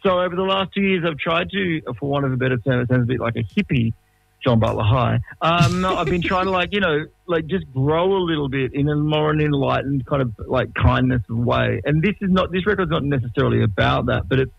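A gravelly, fry-heavy voice from an Australian man in his late forties, chatting in a relaxed, rambling way and often cutting himself off mid-sentence. The audio is dry and a bit dull, like a radio broadcast. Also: a little high, fairly quick, dry recording. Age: 40s. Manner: rambling, self-interrupting, laid-back. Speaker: musician guest. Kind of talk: casual interview chat.

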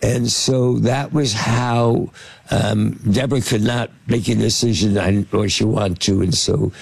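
A man's voice: lowish voice, fairly even intonation, measured pace, gravelly, husky, no room sound. An older man, a film producer, telling anecdotes in an interview with many fillers and restarts. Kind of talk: storytelling anecdotes in conversation.

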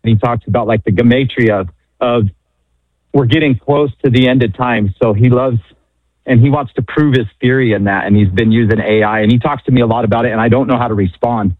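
A man calling in to a talk show, asking a question in a hesitant, halting way. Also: mid-range voice, steady tone, dry recording. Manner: hesitant, halting, searching for words. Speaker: caller. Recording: tinny phone line.

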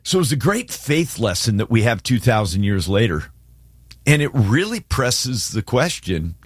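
Animated man reading scripture in discussion. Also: mid-range voice, moderate pace, husky, no echo, clean studio sound. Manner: animated, acts out scripture quotes. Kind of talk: casual faith discussion.

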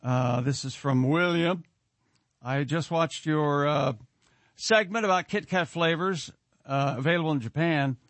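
Measured in pace and fairly high-pitched with a slightly bright tone, this radio host banters casually on a morning show. He teases his co-hosts and reads out emails from listeners, and there is no room sound.

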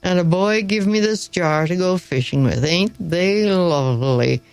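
Woman reader as a five-year-old village boy, gruff, slow, unhurried, storybook. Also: lowish voice, no room sound. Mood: contented. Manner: slow, growling, rustic. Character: small grubby country boy of five.

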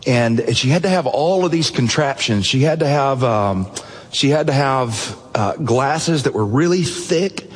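A man preaches to a congregation in a church sanctuary. He tells a story with earnest feeling and drops softer at tender moments. His husky voice rings out under the long echo of a large hall. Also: mid-range voice, lively intonation, unhurried. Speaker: pastor. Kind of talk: sermon storytelling.

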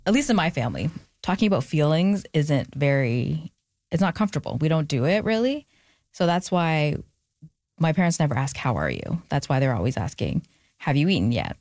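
A woman's voice: deep voice, sing-song, fairly quick, darkish tone, no room sound. A woman author talking reflectively about her family, with frequent fillers. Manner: reflective, gets emotional, many fillers. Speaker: author guest. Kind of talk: casual interview chat.

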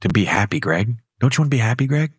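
A man voicing a calm, sensible angel cartoon duck who talks in a friendly, soothing way. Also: mid-range voice, quick pace, husky, dry recording, clean studio sound.

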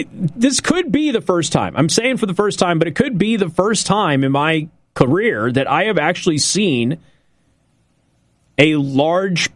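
Emphatic talk radio host, slightly high voice. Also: male voice, a bit bright, dry recording, studio quality. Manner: emphatic, sarcastic, repeats points slowly for effect. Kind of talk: political talk radio monologue.

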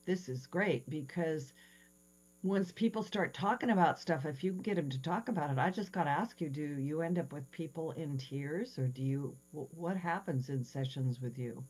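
A woman's voice: deep voice, moderate pace, darkish tone, slightly rough, low-quality recording. A woman hosting a podcast who asks a guest long, rambling questions with plenty of enthusiasm. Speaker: podcast host. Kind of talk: interviewing a guest. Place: Seattle.

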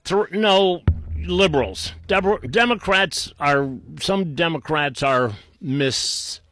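A political commentator with a Boston accent launches into an unscripted rant, sarcastic and insulting, frequently restarting and clearing his throat. His bright, forceful voice sits a bit higher than most men's and he takes it slowly and expressively. The recording is dry and close, with no room echo.

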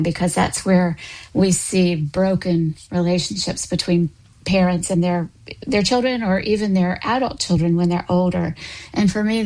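A woman's voice: lowish voice, darkish tone, rough recording. A woman who works as a counselor and coach, thoughtfully explaining a lesson on apology in faith terms. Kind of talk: conversational advice.

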